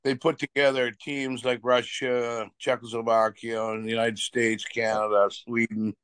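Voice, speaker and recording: With no room sound behind him, this man speaks at medium pitch in a flat, clear, resonant voice that's fairly bright, keeping a normal speed. A retired hockey player in his seventies, he rambles through interview anecdotes, repeating himself and acting out quotes.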